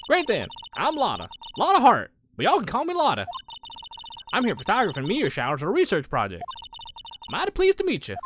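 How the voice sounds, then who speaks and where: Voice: medium pitch, wildly swooping pitch, a little fast, noisy background, voice pushed up. A streamer voicing a brash young woman photographer with a put-on Southern US accent and a folksy, drawling way of talking. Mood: chatty.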